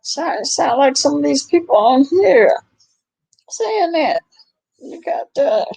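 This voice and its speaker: A middle-aged woman chatting casually about online drama, animated and laughing often. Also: a little slow, vocal fry, no echo, poor audio. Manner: animated, laughing often, rising into high exclaims. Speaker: livestream commentator.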